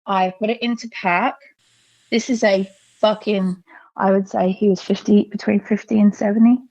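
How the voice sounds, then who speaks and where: An Australian woman co-hosting a podcast, telling stories in a blunt, animated way with heavy swearing. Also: mid-range voice, moderate pace, no room sound. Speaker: podcast co-host. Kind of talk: casual chat. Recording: slightly dull lo-fi audio.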